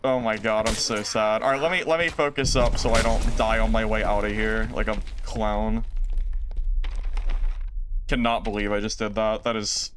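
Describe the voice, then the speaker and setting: A man's voice: on the low side, fairly even intonation, normal speed, long pauses, background noise. A man streaming a game live, talking through play and answering chat in a self-mocking, exasperated way. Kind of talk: live gameplay commentary reading chat.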